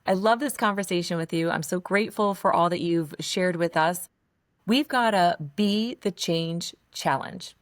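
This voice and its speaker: A woman's voice: lowish voice, normal speed, no echo. A woman hosting a podcast interview, affirming her guest and asking questions. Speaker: podcast host.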